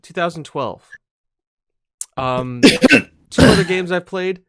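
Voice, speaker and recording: A man's voice: high-pitched, sing-song, slow, gravelly, a loud crowd. A man co-hosting a casual video game podcast, talking in a rambling, hesitant way with lots of fillers and restarts. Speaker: podcast co-host. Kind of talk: casual gaming podcast chat.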